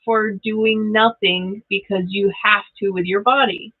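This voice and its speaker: A woman's voice: mid-range voice, steady tone, measured pace, few pauses. A middle-aged woman hosting a live tarot reading, chatty and laughing often as she talks straight to viewers. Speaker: tarot reader and channel host. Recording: tinny phone-like audio.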